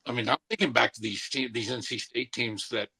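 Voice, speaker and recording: A man co-hosting a podcast in casual chat, his voice gravelly and husky with a bright edge. He reminisces in a rambling, animated way. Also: mid-range voice, fairly quick.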